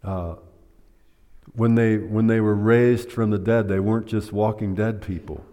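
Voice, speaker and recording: A man preaches a sermon and keeps putting questions to the congregation. He speaks very slowly in a lowish voice. The long reverb of a church hall trails behind each phrase. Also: fairly even intonation, dark tone.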